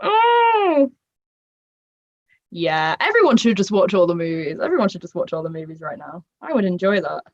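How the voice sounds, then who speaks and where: A woman with a Northern English accent is a guest on a livestreamed convention panel, talking fast in a lowish, very animated voice with hardly any pauses. Bubbly and rambling, she reads the chat and laughs often. The home livestream audio is dull and dry.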